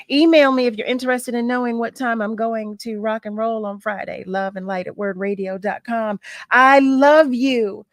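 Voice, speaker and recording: A woman's voice: fairly high pitch, no echo, clean studio sound. A woman hosting a radio talk show, effusive and emotional, often laughing and repeating her thanks.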